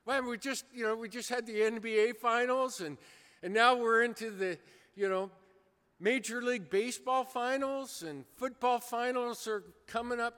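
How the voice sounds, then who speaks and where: A man preaching a sermon, telling an animated story with acted-out shouts. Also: very high voice, normal speed, smooth. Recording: long hall reverb.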